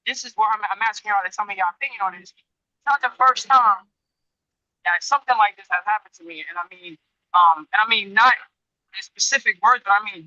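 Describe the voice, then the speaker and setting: A man's voice: high-pitched, bright, forceful tone, no echo, highs cut off. A man who trains people at a gym, telling a long story in a casual, rambling way, often restarting and turning to his listeners with questions. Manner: rambling, frequent restarts, addresses listeners directly. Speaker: Muay Thai gym trainer.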